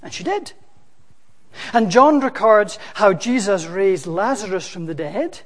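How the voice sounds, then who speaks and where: A preacher delivers a sermon at an unhurried pace, pressing hard on key words and rising to loud, dramatic quotations. The voice carries a long, lingering hall reverb. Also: mid-range voice, animated.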